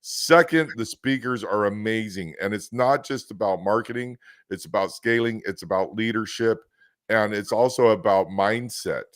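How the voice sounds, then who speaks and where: West coast guy hosting a chat show, lowish voice, kinda rambly, dry close sound. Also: normal speed, no echo. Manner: rambling, chatty storyteller with many restarts. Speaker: host. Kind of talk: casual podcast chat.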